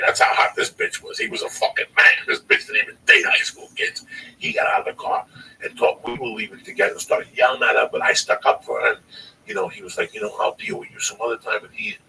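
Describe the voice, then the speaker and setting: A man of about sixty tells a long personal story on a podcast in a casual way, cursing freely and rambling with emphasis. His voice is fairly low, creaky and sharp-toned, picked up by a distant mic with faint noise.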